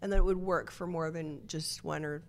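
A woman with a notably low voice tells her story as a podcast guest. She speaks earnestly and reflectively, in a conversational way. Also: fairly even intonation, brisk, slight background noise. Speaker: nonprofit co-founder, guest.

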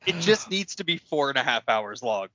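A man co-hosting a casual comedic chat, with animated, laughing banter. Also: medium pitch, moderate pace, dull audio, slight background noise.

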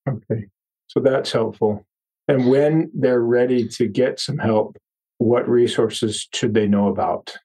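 A man hosting an interview podcast, summing up and asking questions in a measured, thoughtful way. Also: medium pitch, mellow, breathy edge, rough recording. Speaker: podcast host.

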